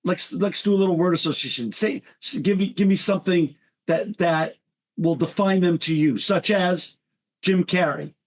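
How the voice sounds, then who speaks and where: Brief: male host, eager questioner, fairly high voice. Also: normal speed. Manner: short affirming interjections and enthusiastic questions. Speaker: podcast host. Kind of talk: interview.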